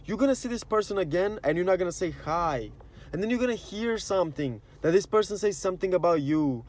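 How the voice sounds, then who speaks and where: The voice is high-pitched, animated and a little fast, with a darkish tone. This spiritual vlogger rambles earnestly in casual slang, saying "like" and "you know" a lot and acting out the inner voices he quotes.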